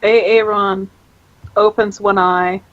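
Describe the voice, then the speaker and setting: A woman playing in a tabletop role-play game, describing her characters' actions in a relaxed, amused way. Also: medium pitch, slow, narrow, tinny audio, a little hiss or hum. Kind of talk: unhurried in-character narration.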